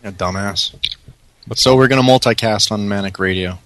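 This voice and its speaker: Sarcastic male co-host, sharp bright voice, dry mic. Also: on the low side, normal speed, no room sound. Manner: sarcastic, blunt. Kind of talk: casual chat on internet radio.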